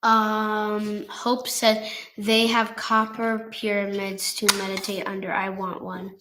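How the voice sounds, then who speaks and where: Woman, reads comments aloud, hesitant, slow, flat tone, roomy echo. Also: mid-range voice. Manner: hesitant, slow, many ums. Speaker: co-host reading viewer comments. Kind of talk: reading chat comments aloud.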